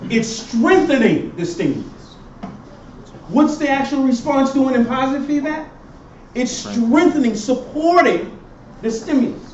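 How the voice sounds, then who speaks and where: A man's voice: very high-pitched, lively intonation, measured pace, a little mellow, slight background noise. A male professor giving a classroom lecture. He keeps quizzing his students with fill-in questions. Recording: roomy, distant, dull classroom recording.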